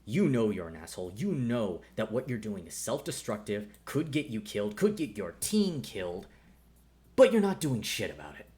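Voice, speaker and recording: A man's voice: on the low side, sing-song, normal speed, darkish tone. A man voicing a stern veteran male ranger and father who lectures bluntly and swears, in tabletop role-play. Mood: scolding.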